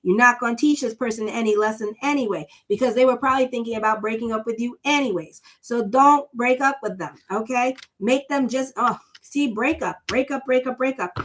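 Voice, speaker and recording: A woman's voice: fairly high pitch, a little fast, hardly any pauses, fairly bright tone, slight background noise. Sassy, chatty woman giving a tarot reading. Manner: chatty, blunt and sassy, many "you know" fillers. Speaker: astrologer doing tarot readings. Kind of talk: casual tarot reading monologue.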